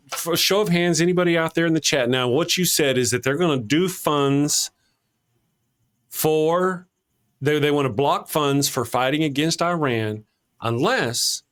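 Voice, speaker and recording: A man with a somewhat high voice hosts a loose political chat. He rambles, stops and starts again, and keeps circling back to his point. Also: fairly bright tone. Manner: rambling, with frequent restarts. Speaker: podcast host.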